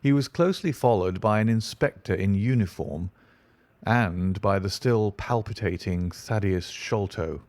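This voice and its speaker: A man narrating a classic detective novel in a steady, descriptive audiobook reading. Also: on the low side, unhurried, no echo.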